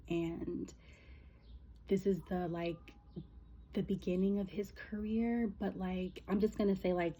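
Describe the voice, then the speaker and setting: A woman talks through a channeled spiritual reading in a loose, rambling way, stopping and restarting as she gets emotional. Her voice is husky and mellow and sits a little low. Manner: rambling, emotional, halting with fillers. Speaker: spiritual reader.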